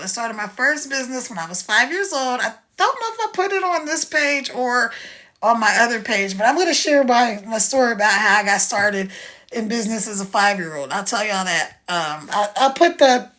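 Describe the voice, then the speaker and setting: High, bright-voiced American woman pitching. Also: lively intonation, normal speed. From United States. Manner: chatty and persuasive, talks straight to viewers. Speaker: online business coach. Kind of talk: casual live-stream pitch.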